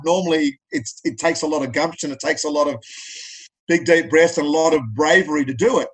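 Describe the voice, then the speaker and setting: A man's voice: fairly high pitch, fairly bright tone, breathy edge, low-quality recording. A middle-aged Australian man speaking as a podcast guest, telling personal stories in an earnest, plain-spoken way. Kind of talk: candid interview talk.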